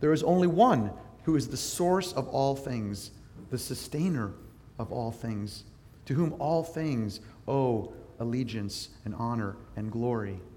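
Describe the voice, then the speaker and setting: A male pastor giving a sermon in a relaxed, conversational way, often turning to his listeners with questions. His voice sits at an ordinary middle pitch. It carries a long reverb, as if recorded in a large hall. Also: measured pace, slight background noise. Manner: conversational teaching with prayer, asks listeners questions.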